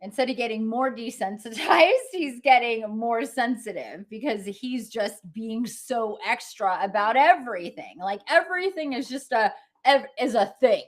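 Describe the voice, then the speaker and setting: A woman's voice: fairly high pitch, animated, normal speed. A woman hosting a livestream, talking in a casual, rambling way full of fillers and restarts, and laughing easily. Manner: chatty, meandering, many fillers and restarts. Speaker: livestream host.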